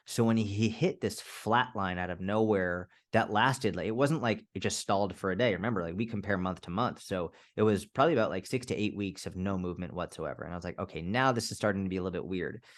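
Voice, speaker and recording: A low-pitched man in his thirties speaking as a fitness coach on a podcast. He tells stories with animation and swears freely, loose and conversational throughout. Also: a little fast, few pauses.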